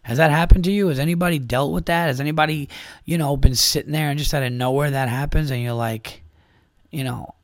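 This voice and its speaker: A man with a higher-than-average voice and fairly even intonation talks fairly quickly in a clean, echo-free studio recording. Hosting a podcast alone, he gives a casual monologue that is rambling, exasperated, and profane, with frequent restarts and asides.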